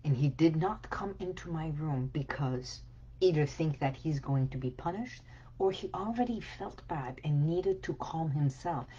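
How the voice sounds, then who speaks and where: A woman wellness coach giving a slow, soothing motivational talk, sometimes dropping into soft whispered affirmations. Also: low-pitched, expressive, breathy edge, dull audio.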